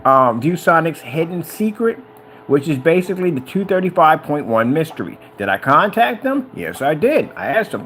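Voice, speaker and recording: A man talking casually and excitedly about projectors, rambling and wandering off topic. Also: on the high side, normal speed, slight background noise. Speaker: business owner reviewing projectors.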